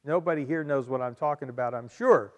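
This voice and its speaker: A man's voice: mid-range voice, fairly quick, highs cut off. A male pastor preaching with emphatic, conversational delivery in a mid-range voice. He repeats key phrases for weight and slips in friendly asides to the people in the church. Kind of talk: sermon.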